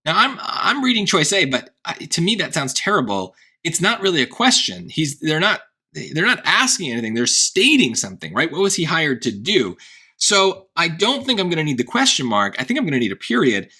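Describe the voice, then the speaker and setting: A man's voice: a little high, big pitch swings, brisk, pushed and bright, husky. A man walking through a test grammar question as a tutor, thinking aloud in a casual way and checking in with "right?" as he goes. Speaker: SAT tutor.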